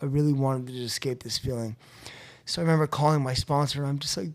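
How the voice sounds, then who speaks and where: A man recounting a personal story as a podcast guest, acting out the voices of others and going quiet when reflective. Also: quick pace. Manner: animated, acts out quotes with rising pitch and loudness. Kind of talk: storytelling in a recovery podcast interview. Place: room at a convention.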